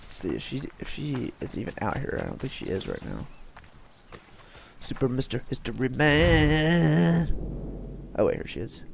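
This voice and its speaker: Playful gravelly man streaming a game. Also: sits low, huge pitch swings, quick pace, few pauses, darkish tone, slight background noise. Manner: playful, mutters to himself. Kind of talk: live gameplay commentary.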